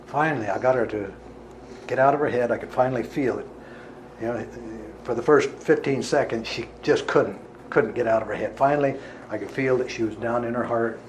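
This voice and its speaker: A man of middle pitch recounts a healing session in an earnest storyteller's voice. He now and then rises to forceful emphasis. A faint hum of noise sits behind him. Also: fairly quick, rough recording. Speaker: healer giving a talk. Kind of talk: storytelling talk to an audience.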